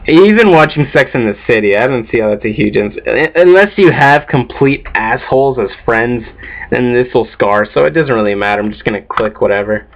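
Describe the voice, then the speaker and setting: A teenage boy vlogs in a casual, rambling way, his medium-pitched voice expressive and a little fast. He's offhand, self-mocking, swears a lot, and sounds tired from lack of sleep. The home recording is dull and lo-fi.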